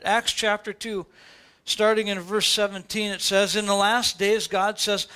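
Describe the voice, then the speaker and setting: Older guy pastor preaching, high bright voice, keeps hitting you with questions. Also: flat delivery, unhurried, smooth. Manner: preaching with rising emphatic questions. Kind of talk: sermon. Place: church sanctuary before a congregation.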